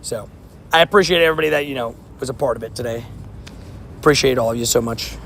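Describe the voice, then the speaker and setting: A young man streaming a mobile game while walking outdoors, chatting and joking at himself, his voice a little hoarse. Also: medium pitch, fast talker, a bit bright, a little hiss or hum. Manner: chatty, joking, self-mocking banter. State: slightly hoarse, losing voice. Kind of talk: casual livestream commentary while playing.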